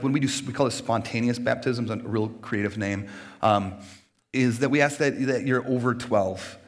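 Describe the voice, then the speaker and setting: A man pastor speaking from a church stage in a loose, chatty way. He jokes, laughs often between phrases and restarts his sentences as he talks. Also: medium pitch. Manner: chatty and joking, with frequent restarts. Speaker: pastor leading baptisms. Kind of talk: casual sermon invitation.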